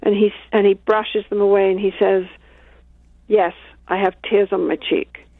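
A woman talks calmly about her work as a couples therapist, walking through examples from sessions. Her voice comes through a narrow, tinny line with a dry sound. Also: mid-range voice, moderate pace, no room sound. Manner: calm, explains with acted-out examples. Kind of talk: interview conversation.

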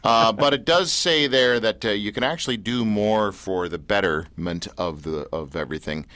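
A man's voice: fairly low pitch, no echo. A man hosting a radio show, chatting and joking with a guest and introducing tracks. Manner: animated, joking, quick laughs. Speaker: radio host. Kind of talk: lively radio chat.

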